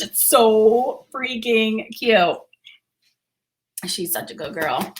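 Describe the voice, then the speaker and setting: A woman's voice: fairly high pitch, sing-song, normal speed, fairly bright tone. A young adult woman teaching art on a casual livestream from her home, chatting with viewers and reading their comments. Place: home studio room.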